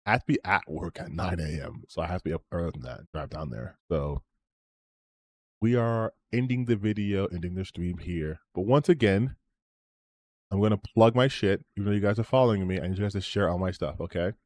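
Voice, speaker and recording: A streamer signs off in a rambling, self-promoting chat, swearing freely as he goes. He has a deep voice, expressive and a little mellow, and he talks briskly.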